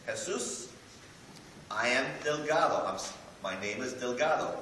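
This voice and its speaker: Middle-aged male pastor, lively joking sermon delivery, bright voice, echoey sanctuary heard from a distance. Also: medium pitch, a little slow, a little hiss or hum. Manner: animated, joking, preacherly. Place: church sanctuary. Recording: echoey church hall, mic from a distance, faint ambience.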